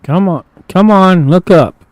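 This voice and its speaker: In a dry, low-quality recording, the gaming streamer's voice is high and darkish, and he talks unhurriedly. He grumbles profanely to himself in frustration while casually narrating his flight game.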